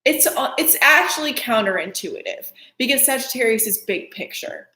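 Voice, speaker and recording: A woman's voice: a little high, sing-song, moderate pace, pushed and bright. A woman astrologer co-hosting a live stream, talking casually with lots of fillers and sarcastic asides. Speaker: astrologer co-host. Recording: echoey room.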